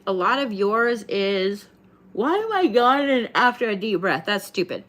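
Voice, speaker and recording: A woman's voice: mid-range voice, big pitch swings, measured pace, a bit bright. A woman giving a live tarot reading in a casual, chatty way, swearing freely. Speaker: tarot card reader.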